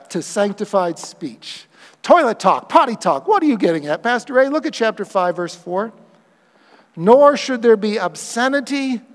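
A man preaching a sermon as pastor, animated and playful, acting out quoted voices for humor. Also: sits high, in a large hall.

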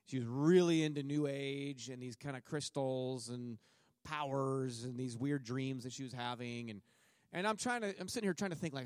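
Speaking fairly quickly in a clean, medium-pitched voice, a middle-aged missionary tells a church a humorous story, voicing himself and the people he met. It's a sermon testimony recorded in a clean studio with no echo.

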